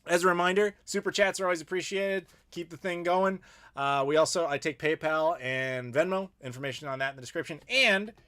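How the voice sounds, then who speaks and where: A man's voice: on the high side, fairly quick, a bit bright, smooth. Opinionated American man hosting a live chat. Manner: opinionated, playful ranting with laughs. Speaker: YouTube host.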